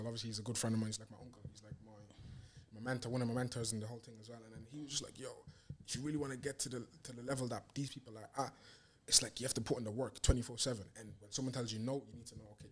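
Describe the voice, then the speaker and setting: A man's voice: mid-range voice, fairly even intonation, very fast, fairly bright tone. A man guesting on a podcast, speaking earnestly in a motivational way, with many restarts and "do you get me". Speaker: podcast guest, music manager. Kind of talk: casual chat.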